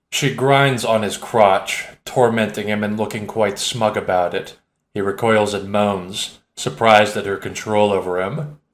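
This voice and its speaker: A man reading an audiobook in a steady, measured narration. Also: fairly low pitch, reverberant. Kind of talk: scripted narration.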